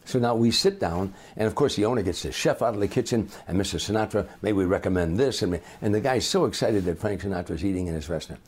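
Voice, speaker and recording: An older man, a comedian, telling lively anecdotes in an interview and acting out the people in them. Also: lowish voice, fast talker, few pauses, husky. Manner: animated raconteur, acts out voices. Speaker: comedian guest.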